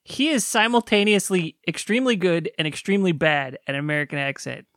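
Podcast co-host, mid-pitched, dry sound, laughs a lot and hedges. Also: brisk, fairly bright tone, no room sound. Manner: giggly, hesitant, filler-heavy. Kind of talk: casual chat.

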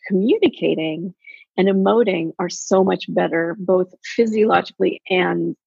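A woman coaching in casual podcast chat, telling animated stories and acting out quotes. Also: lowish voice, normal speed, gravelly, slightly rough, no echo. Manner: animated storyteller, acts out quotes. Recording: dull, dry lo-fi sound.

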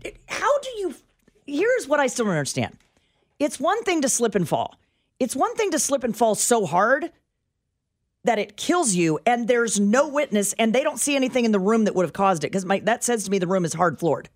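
A woman's voice: a little high, very animated, normal speed. A woman co-hosting a talk radio show, casually questioning and reading reports aloud into a studio microphone.

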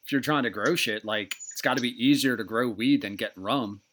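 A man's voice: mid-range voice, a little fast, fairly bright tone, slight background noise. A man hosting a casual podcast, joking, laughing and swearing freely. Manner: laughing, profane, joking banter. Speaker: podcast host.

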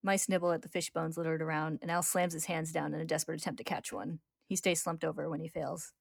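A woman narrating an episode recap as podcast host, lively and often laughing. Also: low voice, fast, gravelly, slightly rough, dry recording, clean studio sound.

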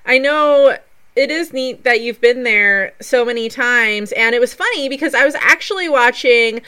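A woman hosting a podcast, chatty and quick to laugh, using lots of casual fillers. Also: on the high side, pushed and bright, smooth. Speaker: podcast host. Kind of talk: casual chat.

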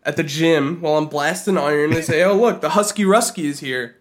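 A man co-hosting a podcast, chatting in a playful, self-mocking way and jumping around in pitch as he jokes. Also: brisk. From Russia. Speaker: podcast co-host. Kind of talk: casual comedic chat.

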